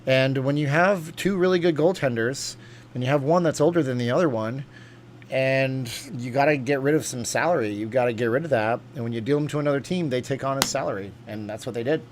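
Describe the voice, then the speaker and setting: Guy doing a chatty livestream at home, reads comments out loud, lots of ums, medium pitch, little bit of hum behind. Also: brisk. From USA. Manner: rambling, reads comments aloud, many fillers. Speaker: livestream host reading chat. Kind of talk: casual livestream chat.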